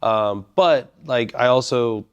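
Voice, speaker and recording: Smooth-voiced man chatting casually. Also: mid-range voice, takes it slowly, muffled recording. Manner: relaxed, filler-heavy, rambling talk. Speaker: interviewer. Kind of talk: casual conversation.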